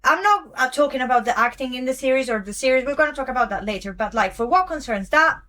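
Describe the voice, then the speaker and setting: A woman's voice: high voice, expressive, quick pace, pushed and bright. A woman hosting a podcast whose first language is not English, giving a rambling, emphatic casual commentary full of fillers and self-corrections. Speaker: podcast host.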